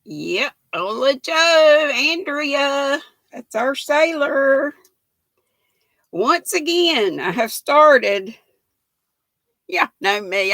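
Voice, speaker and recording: An older American woman chats folksily with viewers on a knitting livestream, reading out their comments and laughing often. Her voice sits a little high, with a bright, forceful tone and no room sound.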